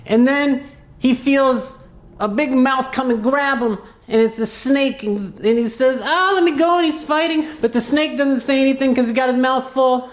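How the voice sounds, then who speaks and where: A woman's voice: high-pitched, fairly even intonation, normal speed, roomy sound. A woman telling an improvised children's story in a clown persona, rambling and playful with asides.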